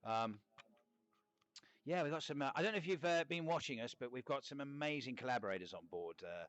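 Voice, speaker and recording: Man playing a sleazy cartoon bassist, boastful, rambles all over the place, mid pitch. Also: animated, a little fast, fairly bright tone, smooth, no room sound, lightly acted. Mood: chatty. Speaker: cartoon band member answering fan questions. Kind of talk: in-character live chat.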